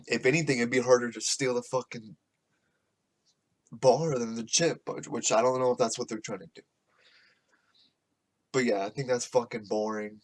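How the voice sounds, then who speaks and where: A man hosting a podcast, ranting casually in a profane, rambling, sarcastic way. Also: medium pitch. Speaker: podcast host. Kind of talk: casual rant.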